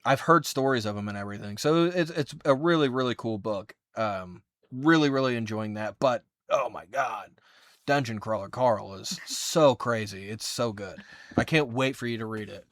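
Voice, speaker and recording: A podcast host chats casually and enthusiastically, dropping in plenty of fillers. His voice is medium-pitched and fairly bright at a normal speed, recorded at studio quality with no room sound.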